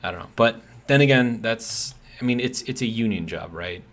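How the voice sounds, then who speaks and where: A man's voice: fairly low pitch, normal speed, fairly bright tone. A man streaming a game, telling a long, exasperated work story in a rambling, casual way with lots of fillers. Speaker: gaming streamer. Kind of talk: casual ranting chat while gaming.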